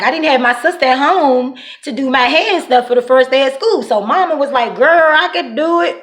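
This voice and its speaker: Dc-woman telling crazy stories, cussing, voice bouncing all over, echoey room. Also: mid-range voice. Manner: animated, profane, slangy. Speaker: vlogger. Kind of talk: casual storytelling.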